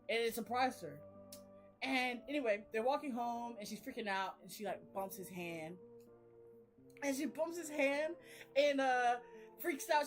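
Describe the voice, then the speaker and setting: A woman's voice: fairly high pitch, animated, normal speed, soft background music. A young woman chatting casually about her reading. She rambles, uses slang and laughs often. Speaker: reading vlogger. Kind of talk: casual chat.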